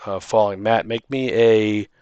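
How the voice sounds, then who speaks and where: A man's voice: lowish voice, steady tone, a little slow, a little mellow, smooth, no echo, highs cut off. A man running a tabletop game as dungeon master, rambling with many restarts and ums.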